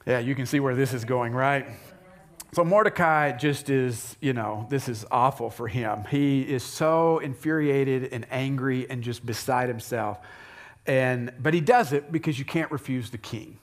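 A pastor giving a sermon, retelling a story in an animated, conversational way with asides to the congregation. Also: male voice, medium pitch, measured pace.

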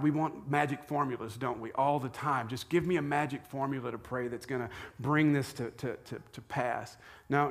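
A man, a pastor, giving a conversational sermon from the pulpit and asking his listeners rhetorical questions. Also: mid-range voice. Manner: informal, asks the congregation rhetorical questions. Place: church, speaking from the pulpit.

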